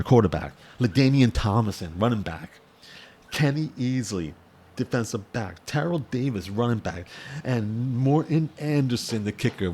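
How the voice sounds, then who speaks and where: A man giving casual, excitable sports commentary in a vlog, rambling and repeating his words as he gets worked up. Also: on the low side, slight background noise.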